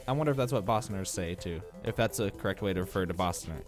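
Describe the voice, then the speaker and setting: A man's voice: low voice, expressive, fast talker, hardly any pauses, soft background music. A young man from the American Midwest with a Midwestern accent, rambling through casual let's-play commentary with many filler uhs, his voice a bit congested from allergies. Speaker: gameplay commentator.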